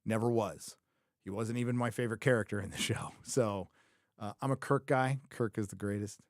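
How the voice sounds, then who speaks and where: This host has a fairly low voice with fairly even intonation and talks at normal speed, recorded in studio quality with no room sound. In casual livestream commentary on a TV series, he rambles opinionatedly, thinks aloud, keeps correcting himself, and repeats phrases for emphasis.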